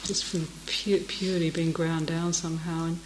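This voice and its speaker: In a low, fairly flat voice at normal speed, a middle-aged meditation teacher delivers a dharma talk filled with stories and frequent laughter. The echoey meditation hall recording carries a faint hiss or hum.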